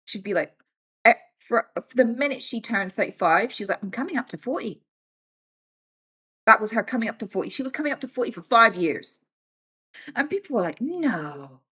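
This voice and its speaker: A woman in her thirties talking casually on a live stream, animated and swearing freely. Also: a little high, brisk, breathy edge. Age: 30s. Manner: animated and swearing, acts out quoted voices.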